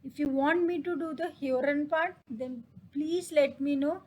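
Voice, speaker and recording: A woman teaching a casual German lesson in English, reading German phrases slowly and explaining each one. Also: high-pitched, poor audio.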